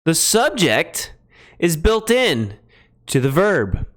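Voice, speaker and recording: A man streaming a Greek translation lesson, thinking aloud in a halting way and pausing while he writes notes. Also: a little high, sing-song. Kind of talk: relaxed live-stream teaching.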